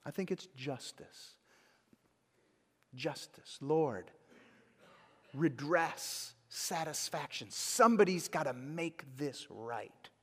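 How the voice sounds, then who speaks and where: A man preaching a sermon, swinging between loud dramatic bursts and hushed asides. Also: on the high side. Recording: long hall reverb.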